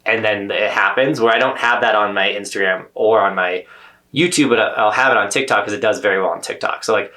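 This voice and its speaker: A man's voice: fairly low pitch, brisk, bright, forceful tone. A man co-hosting a podcast, explaining at length in chatty casual talk with many fillers. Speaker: podcast co-host.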